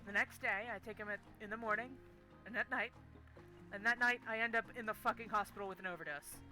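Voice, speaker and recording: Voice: medium pitch, brisk, bright, forceful tone, faint music behind, poor audio. A young adult game streamer telling a story casually while playing, swearing constantly in an exasperated rant.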